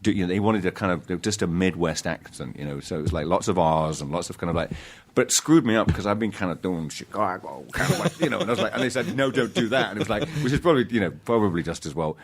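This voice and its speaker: Very deep-voiced man telling stories haltingly. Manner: halting, self-interrupting, self-deprecating storytelling. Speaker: guest actor. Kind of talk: casual podcast interview.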